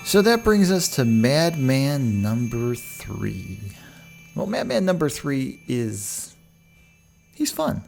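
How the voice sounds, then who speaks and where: Gravelly, animated male podcast host. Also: medium pitch, slow, soft background music. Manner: rambling, digressive, with frequent restarts. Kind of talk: casual monologue.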